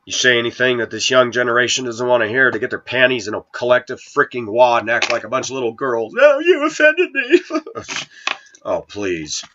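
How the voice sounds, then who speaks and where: A man's voice: medium pitch, fairly even intonation, fast, hardly any pauses, pushed and bright, slight background noise. A middle-aged man with the sniffles, scolding and preaching to his channel's viewers in a combative rant. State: sniffly with a cold. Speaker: video channel host. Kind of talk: ranting to camera. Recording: dull lo-fi sound.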